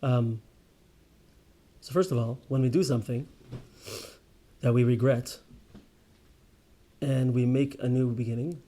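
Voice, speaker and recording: A man teaching a casual Torah class to a small group. He tells stories with lively ups and downs, restarts often and keeps asking "right?". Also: medium pitch, measured pace, pauses often. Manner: lively storyteller, many restarts and "right?" tags.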